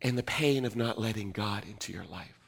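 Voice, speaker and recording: A middle-aged male pastor preaching a sermon, moving between loud emphatic passages and hushed, almost whispered reflection. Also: on the low side, normal speed, creaky.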